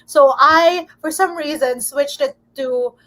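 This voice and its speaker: High-voiced animated woman from the Philippines. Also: slow pace, poor audio. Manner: animated, laughs through her stories. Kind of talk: casual chat, storytelling.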